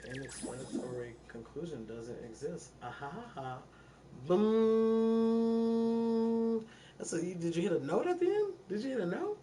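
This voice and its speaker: A man's voice: sits high, very animated, unhurried, mellow. A man with a Detroit accent, a music producer talking casually and profanely to his livestream viewers from a recording studio, laughing between remarks. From Detroit, USA. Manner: loose, profane, frequent laughing asides.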